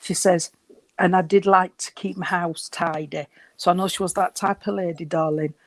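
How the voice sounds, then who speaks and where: A man giving a reading at a service, gentle and reassuring, and short of breath. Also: high voice, fairly even intonation, moderate pace, dry recording. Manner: gentle, reassuring, calls people sweetheart. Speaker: spiritualist medium.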